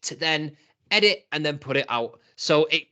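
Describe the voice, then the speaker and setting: A man hosting a casual wrestling podcast, chatty and quick to laugh, acting out what people said. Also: fairly high pitch, lively intonation, sharp tone, smooth. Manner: chatty, laughs often, reports scenes with quoted voices. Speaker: podcast host.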